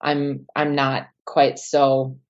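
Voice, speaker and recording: A woman with a softened American Wisconsin accent, talking casually as a podcast guest with low, unsung intonation. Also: completely flat delivery, very slow, dull audio. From Wisconsin, United States. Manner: low, not sing-songy intonation. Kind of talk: casual conversation.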